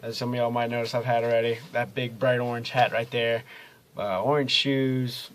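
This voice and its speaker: A man's voice: medium pitch, little pitch movement, moderate pace, slight background noise. Young man, casual video diary, rambling, easygoing, filler-heavy. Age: young adult. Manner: rambling, easygoing, many ums and uhs. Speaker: college student vlogger.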